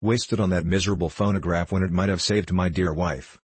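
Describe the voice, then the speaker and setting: A man's voice: deep voice, steady tone, a little fast, husky, dry recording. A man voicing a crooked, frantic old male magician who wails in despair. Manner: wailing, despairing.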